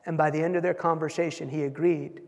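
A man preaching a sermon, telling stories and acting out quotes with animated delivery, often repeating words as he goes. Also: a little high, quick pace, vocal fry. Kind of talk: sermon storytelling. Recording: long hall reverb.

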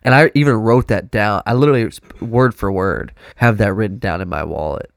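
Stuffed-up man with a gravelly voice. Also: fairly low pitch, fairly quick, dry recording, clean studio sound. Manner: loose, rambling, swears freely. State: stuffed-up nose. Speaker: drummer, podcast co-host. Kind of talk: casual chat.

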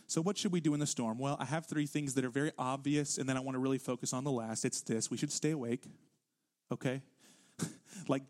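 A man's voice: on the high side, darkish tone. A man preaching a sermon as pastor, emphatic and conversational, often acting out quoted lines with casual asides to the congregation.

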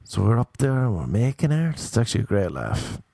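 A man's voice: lowish voice, very animated, moderate pace, gravelly, mellow, breathy edge, no echo, studio quality. A male comedian telling rambling, self-mocking stories in a laid-back, casual monologue.

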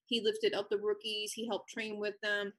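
Soft-spoken woman from St. Louis. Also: mid-range voice, monotone, moderate pace. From St. Louis area, USA. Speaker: podcast co-host. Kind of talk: casual chat.

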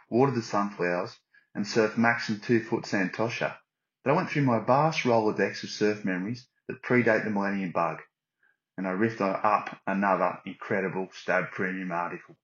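A surf writer sending a voice message, talking in a put-on Australian accent with tongue-in-cheek boasting. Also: male voice, fairly low pitch, fairly bright tone. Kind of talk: recorded voice message. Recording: lo-fi voice note.

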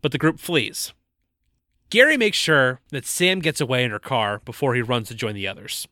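A man's voice: mid-range voice, expressive, moderate pace, pushed and bright, dry recording, clean studio sound. A man co-hosting a casual movie-review podcast, joking and recapping the plot with stumbles and laughs. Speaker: podcast co-host.

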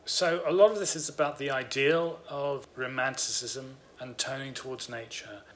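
A man of ordinary pitch co-hosts a relaxed book podcast. He explains ideas at length, eager and engaged, often circling back to restate a point. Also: normal speed. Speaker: podcast co-host. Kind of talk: casual discussion of books.

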